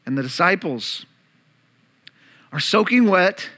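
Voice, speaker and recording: A man preaching a sermon as pastor, animated, acting out voices to an audience in a church room. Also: high voice, slow pace, husky. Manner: animated preaching, acts out disciples' panic and Jesus' calm.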